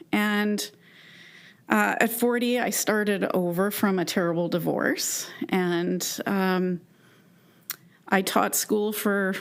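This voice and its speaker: A woman in her fifties from Canada giving a personal keynote talk to a live audience, speaking earnestly and with emotion, with halting restarts. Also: mid-range voice. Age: 50s.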